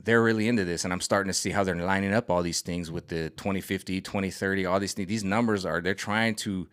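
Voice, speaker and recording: A man vlogging a rambling, excitable spiritual rant, full of restarts and stammers. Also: deep voice, quick pace, smooth. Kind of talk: casual spiritual rant to camera.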